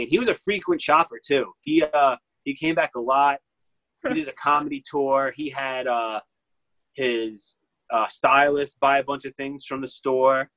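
This vintage clothing shop owner, a man in his 30s, has a medium-pitched, slightly bright voice. Telling a story in a relaxed interview, he wanders off track, leans heavily on "like," and performs other people's lines. There's no echo, though the recording is rough.

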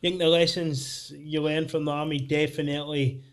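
A man's voice: on the high side, little pitch movement, normal speed. A man hosting a casual interview, asking short questions and giving brief responses.

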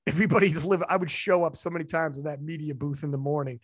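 A young man hosting a casual chat, telling stories in an animated, slangy way. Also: a little high, fast, no echo, clean studio sound. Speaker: podcast host and event commentator.

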